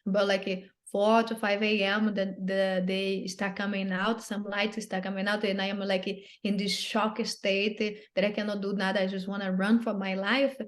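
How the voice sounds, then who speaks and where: Her voice is mid-range with little pitch movement as she tells a personal story as an interview guest. She comes across earnest and halting, frequently repeating and restarting phrases, and her English grammar is non-native.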